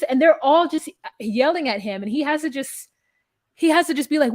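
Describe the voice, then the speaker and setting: A fairly high-voiced woman co-hosting a casual recap podcast. She gives blunt, profane takes and acts out other people's lines as she retells them. The sound is dry and close, with no room echo. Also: animated, normal speed, a little mellow. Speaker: podcast co-host.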